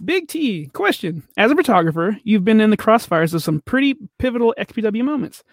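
A man with a high voice that swings up and down a lot co-hosts a podcast. He cracks jokes and reads listener questions out loud. The sound is dry and close, with no room echo. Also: sing-song, fairly quick. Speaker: podcast co-host. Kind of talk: casual podcast chat.

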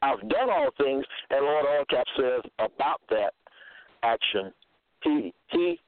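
A man giving a slow sermon, reading out scripture verses and checking in with "okay?". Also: medium pitch, big pitch swings, no echo. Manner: reads verses slowly, repeats "okay?". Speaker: preacher. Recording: tinny phone-line sound.

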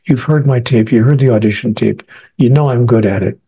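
Man, author guest, earnest storyteller with a mellow, husky voice. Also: mid-range voice, brisk. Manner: earnest, acts out quoted speech. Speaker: author being interviewed. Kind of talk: storytelling interview answer.

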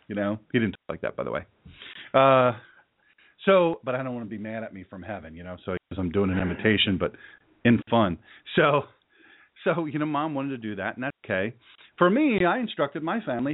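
A man's voice: medium pitch, animated, moderate pace, narrow, tinny audio. A man preaching a sermon to a live audience, folksy and joking, rambling through stories between laughs. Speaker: pastor.

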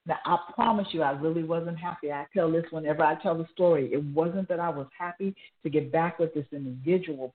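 A woman in her fifties sharing a personal faith testimony on a talk show, laughing often and turning earnest and preachy. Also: deep voice. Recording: tinny phone line.

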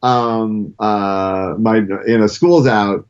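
A man's voice: on the low side, steady tone, very slow, clear, resonant tone. A middle-aged man telling stories in a casual podcast chat, rambling with fillers and restarts. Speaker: guest comic book writer. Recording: dull lo-fi sound.

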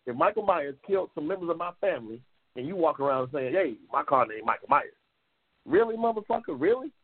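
A man hosting a call-in talk show, heated and profane, repeating himself and jumping into high outbursts. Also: lively intonation, fast talker, no echo. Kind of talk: loud profane call-in chat. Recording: phone-like lo-fi audio.

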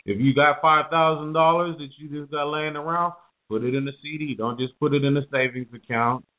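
A man's voice: fairly high pitch, steady tone, a little fast. A man co-hosting a podcast who explains money ideas step by step, restating his points as he goes. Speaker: podcast co-host. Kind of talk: casual conversational advice. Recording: phone-like lo-fi recording.

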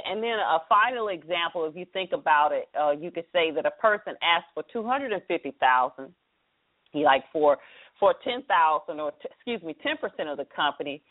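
A middle-aged woman hosting a live internet radio talk show in an upbeat, chatty way, explaining things step by step over a phone line. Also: lowish voice.

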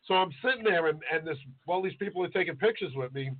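A man's voice: on the high side, lively intonation, fast talker. A man co-hosting a casual podcast, telling loose, crude stories and acting out the voices of people he met. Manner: loose storytelling, crude jokes, acts out voices. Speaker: podcast co-host, chef. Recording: tinny phone-like audio.

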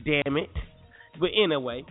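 A laid-back male radio host chats in easygoing slang, ribbing his guests. His voice sits a touch high and comes through thin and lo-fi, like a phone line. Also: lively intonation, normal speed, faint music behind. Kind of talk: casual morning radio chat. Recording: lo-fi phone-like sound.

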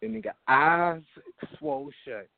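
A man on an open mic phone line delivers a profane comic story in an unhurried, medium-pitched voice. He's animated and performs the characters' voices himself; the call has phone-quality sound and no echo.

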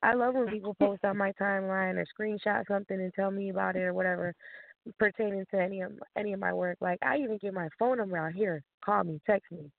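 Animated woman over a phone line. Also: mid-range voice, fast, vocal fry, no room sound. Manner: animated storyteller, laughs often, acts out quotes. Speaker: guest author. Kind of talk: casual phone interview. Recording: dry tinny phone line.

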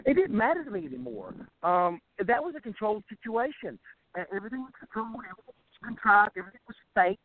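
Over a thin, tinny phone connection with no room echo, a musician being interviewed rants fast in a high, lively-pitched voice. His rural Southern-style American drawl carries a blunt, heavily profane tirade, and he keeps stumbling and starting his sentences over.

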